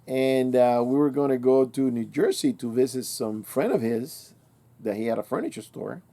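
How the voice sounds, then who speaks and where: A man's voice: mid-range voice, normal speed, creaky, mellow. A man in his sixties telling a personal story in a rambling, casual way, often correcting himself as he goes. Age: 60s. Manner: rambling, self-correcting, colloquial. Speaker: channel host.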